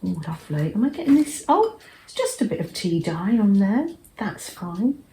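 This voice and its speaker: An older English woman hosting a cozy craft vlog, talking in a gentle, rambling way that often drops to a soft murmur. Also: mid-range voice, big pitch swings, normal speed, slight background noise. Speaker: craft vlogger.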